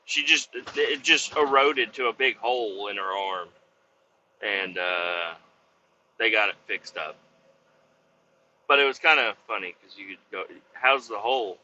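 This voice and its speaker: Trucker guy rambling, swears a lot, jokes around, super bright sharp voice, dull lo-fi sound. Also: fairly low pitch, lively intonation, a little slow, pauses often, slight background noise. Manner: crude, profane and jokey. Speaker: truck driver. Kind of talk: rambling casual storytelling.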